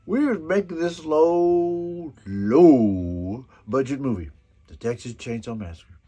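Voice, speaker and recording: A man in his seventies telling a folksy anecdote in a personal video message, chuckling often as he goes. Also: fairly high pitch. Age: 70s. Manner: chuckles often, drawn-out storytelling.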